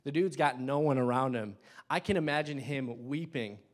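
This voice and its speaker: Young male lay preacher in a church, impassioned, loud then hushed. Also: mid-range voice, moderate pace. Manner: impassioned, swings between loud bursts and hushed asides. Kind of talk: sermon.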